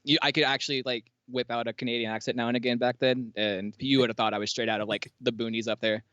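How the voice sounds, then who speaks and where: A young man chatting casually as a guest, relaxed and quick to laugh, using easygoing slang. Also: mid-range voice, clean tone, dry recording, dull audio. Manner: laid-back, laughs often, relaxed slang. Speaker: guest, Twitch streamer and guitarist. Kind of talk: casual chat.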